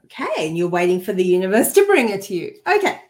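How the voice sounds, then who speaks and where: A woman's voice: medium pitch, sing-song, fast. A woman who works as a spiritual healer, chatting earnestly and with feeling on a podcast, often restarting her sentences. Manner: earnest and heartfelt, easily moved; chatty, with frequent restarts and asides. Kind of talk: casual conversational chat.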